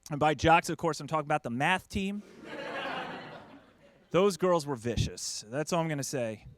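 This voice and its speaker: A man's voice: on the high side, moderate pace. A middle-aged man from the United States doing a stand-up comedy set, acting out his family in quoted voices. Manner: animated, acts out family members in quoted voices.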